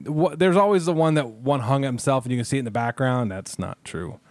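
A man's voice: medium pitch, fairly quick, no room sound. A man co-hosting a podcast in casual banter, rambling and joking as he trails off and restarts. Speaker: podcast co-host.

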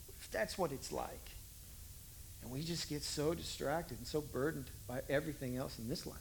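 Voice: medium pitch, moderate pace, a little hiss or hum. A pastor giving a conversational sermon, repeating key lines for emphasis. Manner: conversational, acts out voices, emphatic repetition.

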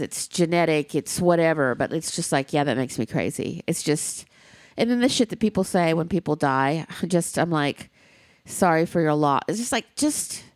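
A woman's voice: on the low side, dry recording. A woman co-hosting a casual discussion, speaking candidly and emphatically, swearing freely.

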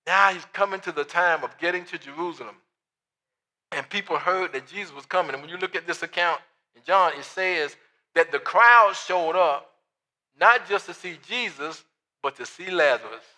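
A male pastor preaching with a high, bright, ringing voice. He tells the story in a lively way, drops to soft asides for the dialogue and climbs to fervent shouts. The sound carries a long reverb, as in a big church hall. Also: normal speed. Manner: storytelling preacher, acts out the Bible dialogue in quiet asides, then builds to shouts. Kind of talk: sermon.

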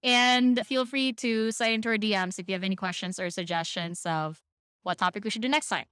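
A woman's voice: mid-range voice, a little fast, fairly bright tone, smooth, dry recording. Dry-sounding woman podcast co-host. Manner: explanatory, laughs often. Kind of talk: casual chat.

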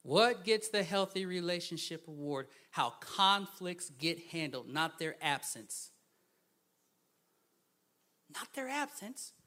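A man preaching a sermon as a guest speaker, swinging between hushed asides and loud, emphatic bursts and laughing often. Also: high voice, lively intonation, slow.

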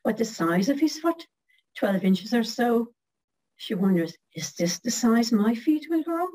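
A middle-aged woman reading her own poem slowly and carefully, then chatting casually as a guest. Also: a little high, big pitch swings, dark tone, low-quality recording. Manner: slow, measured recitation.

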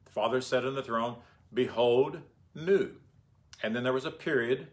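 A man's voice: mid-range voice, fairly even intonation, fast, a bit bright. A man giving informal Bible teaching in a conversational way, often asking his listeners rhetorical questions.

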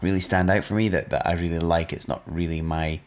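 A man's voice: sits low, flat delivery, fairly quick. A Scottish man co-hosting a podcast, chatting casually and jokily with lots of restarts. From Scotland. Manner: joking, rambling, many restarts. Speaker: podcast co-host. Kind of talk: casual chat.

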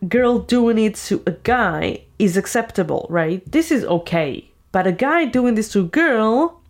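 A woman's voice: mid-range voice, lively intonation, measured pace. A woman giving casual, opinionated commentary as a vlogger. She rambles and fills her talk with "like" and "you know", and she is blunt and argumentative.

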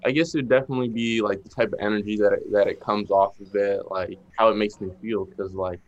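Young guy w/ boston accent, super deep flat voice, laid back, says like a lot. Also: brisk, muffled recording. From Massachusetts. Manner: relaxed, many "like" fillers. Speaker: musician guest. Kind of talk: casual interview chat.

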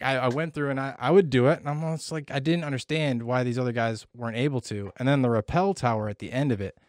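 A man's voice: medium pitch, a little mellow, no echo, clean studio sound. Profane man telling a story. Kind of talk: casual chat.

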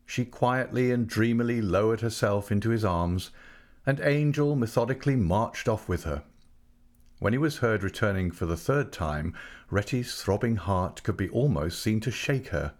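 A man narrating a classic novel as an audiobook, with a measured, unhurried literary delivery. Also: lowish voice.

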